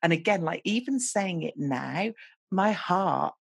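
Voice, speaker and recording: A woman's voice: fairly low pitch, expressive, measured pace, creaky, husky, no echo. A woman hosting a podcast, telling personal stories in a candid way and laughing easily. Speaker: podcast host. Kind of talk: casual conversation.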